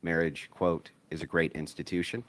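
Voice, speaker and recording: A man arguing his case in a debate, laying out points in a measured, methodical way. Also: sits low, level tone, fairly bright tone. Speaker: debate guest. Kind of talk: debate argument.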